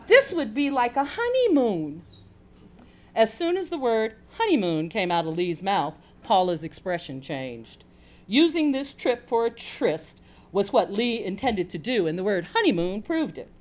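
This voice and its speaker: A woman from Chicago, an author reading a chapter of her own fiction aloud with a playful, animated manner. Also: medium pitch, normal speed.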